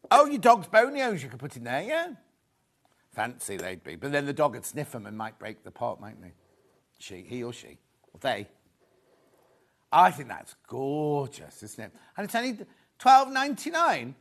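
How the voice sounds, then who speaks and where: A man's voice: medium pitch, sing-song, normal speed, a bit bright. Chatty man presenting live shopping. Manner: chatty, reads viewer messages, jokes with crew. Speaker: shopping channel host.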